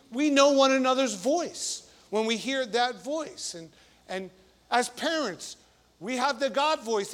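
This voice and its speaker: A man's voice: sits high, fairly bright tone. A man preaching a sermon as a priest, conversational and emphatic, with frequent repetitions and restarts.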